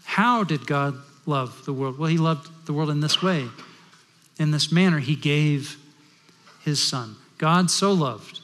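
Middle-aged male pastor, somewhat high voice, storytelling sermon, echoing sanctuary. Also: slow pace. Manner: storytelling, shifting from loud to hushed. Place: large worship hall. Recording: long hall reverb.

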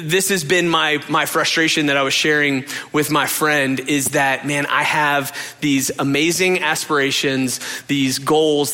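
A man's voice: on the high side, sharp tone. A man preaching a conversational sermon as a pastor, earnest and confessional, speaking straight to his listeners.

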